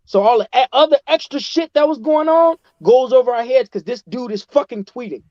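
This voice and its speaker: A man from Chicago, a rapper guest on a podcast, talking in an animated, swearing, ranting way. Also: extremely high pitch, brisk, no room sound, muffled recording. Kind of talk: casual chat.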